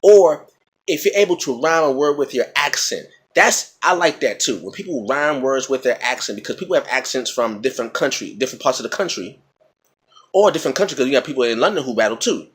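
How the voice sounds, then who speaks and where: A man with a husky, mid-range voice talks through rhymes like a patient teacher. He repeats example words, stops to ask "okay?", and keeps a casual vlog tone. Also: mid-range voice, animated, brisk, fairly bright tone. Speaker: vlogger explaining battle rap. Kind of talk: casual explanatory talk.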